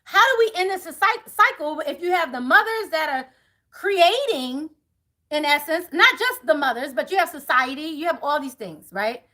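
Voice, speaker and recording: Blunt, high-voiced woman talking to viewers. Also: animated, moderate pace, sharp tone. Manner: blunt, profane, laughing often. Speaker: tarot reader. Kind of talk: animated monologue to viewers.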